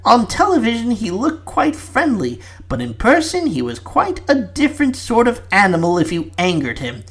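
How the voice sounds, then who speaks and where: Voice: mid-range voice, huge pitch swings, normal speed, breathy edge. A fan fiction reader reading aloud with voices, chatty and breaking off for asides.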